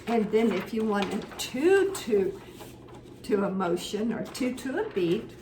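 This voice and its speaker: A woman's voice: mid-range voice, big pitch swings, measured pace. A woman teaching a children's music lesson, chanting rhythm syllables and coaxing her young audience to clap and repeat after her. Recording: echoey room with background noise.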